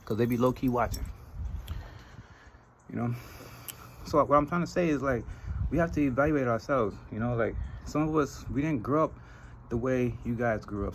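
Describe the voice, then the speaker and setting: A man's voice: mid-range voice, slight background noise, low-quality recording. Trinidadian man talking casually. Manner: animated storytelling, laughs often. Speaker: podcast host. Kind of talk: casual monologue.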